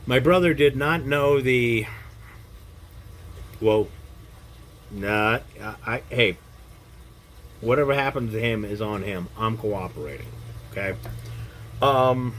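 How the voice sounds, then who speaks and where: Blunt older man teaching, faint hiss. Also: medium pitch. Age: middle-aged or older. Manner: blunt and profane, checks in with "Okay?" after points. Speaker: self-defense instructor. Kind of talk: casual lecture to camera.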